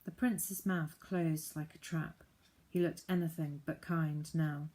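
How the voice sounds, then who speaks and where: A woman narrating a children's novel in a measured, deliberate storybook manner. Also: low-pitched, little pitch movement, dark tone. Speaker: audiobook narrator.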